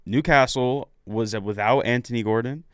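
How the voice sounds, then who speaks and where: Man, podcast panelist, smooth clear voice, casual football talk, dry. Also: mid-range voice, moderate pace, a bit bright, no echo. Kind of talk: casual sports chat.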